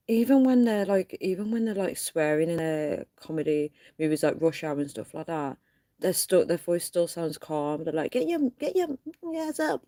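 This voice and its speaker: A woman with a slightly low voice chats casually to her viewers on a livestream from her phone. She talks in a loose, rambling way, keeps calling her audience guys and laughs often. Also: warm tone. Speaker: livestream host.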